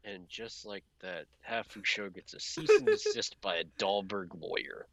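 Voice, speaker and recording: A man's voice: on the low side, wildly swooping pitch, normal speed, vocal fry. A man co-hosting a podcast in casual chat, laughing often and answering in short quips. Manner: laughs a lot, short dry replies. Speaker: podcast co-host.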